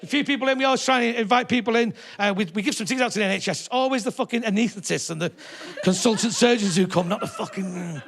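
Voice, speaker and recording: A man's voice: high-pitched, fast talker, slight background noise. A middle-aged man doing a brash, sweary stand-up routine, telling stories to a live theatre audience. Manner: brash, sweary storytelling with shouted put-on voices. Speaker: stand-up comedian.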